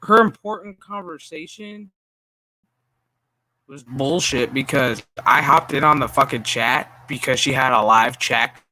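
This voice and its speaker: A man's voice: mid-range voice, a little slow, bright, forceful tone. Profane, ranting male streamer. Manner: profane, exasperated and sarcastic; stammering restarts. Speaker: streamer host. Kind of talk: casual ranting stream commentary.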